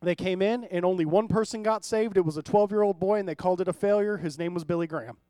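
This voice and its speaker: A man with a notably high voice preaches a sermon in a relaxed, conversational way. He keeps checking in with his listeners and slips into humorous storytelling. The sound is dry and close. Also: quick pace, smooth, no room sound. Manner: conversational preaching with frequent audience check-ins. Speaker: pastor.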